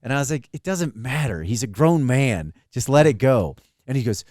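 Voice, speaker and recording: A man's voice: on the high side, moderate pace, dry recording, studio quality. A man co-hosting a podcast, telling a story in casual, profane chat and acting out the people in it. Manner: animated, profane, acts out quoted voices. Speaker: podcast co-host.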